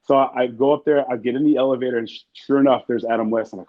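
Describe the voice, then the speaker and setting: A man's voice: medium pitch, steady tone, racing, few pauses, darkish tone. A man in an interview, telling stories casually in a rambling, profane way and acting out what people said. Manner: rambling, profane, acts out quotes. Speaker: interview guest. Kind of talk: casual storytelling. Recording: muffled lo-fi sound.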